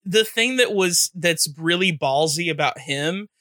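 Podcast host guy, bright tense voice, quick to laugh, dry mic. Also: a little high, lively intonation, dry recording. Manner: quick reactive listener who laughs readily. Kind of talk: casual chat.

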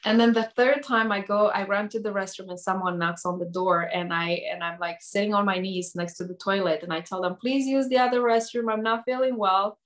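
A woman's voice: on the low side, brisk, hardly any pauses, roomy sound. Woman animatedly recounting a personal story. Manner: animated, frequent restarts and "like" fillers. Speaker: hair educator.

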